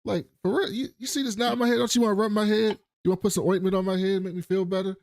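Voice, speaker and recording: A man's voice: high-pitched, level tone, rapid-fire, vocal fry, a little mellow, pitched above the performer's own voice. A man voicing an earnest, smitten young male security guard in a pleading, eager way. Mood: giddy. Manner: pleading, eager recap-style retelling.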